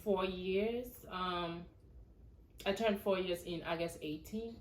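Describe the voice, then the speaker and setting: A woman from Ghana, a podcast guest in casual chat, soft-spoken and measured. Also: lowish voice, a little hiss or hum. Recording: echoey room.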